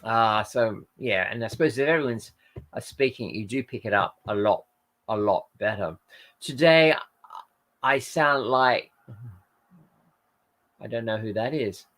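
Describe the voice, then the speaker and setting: A man's voice: medium pitch, a little slow, long pauses, fairly bright tone. Rambling, tired man hosting a live chat. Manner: rambling, hesitant, with frequent fillers and self-corrections. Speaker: livestream host reading viewer comments. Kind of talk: casual chat.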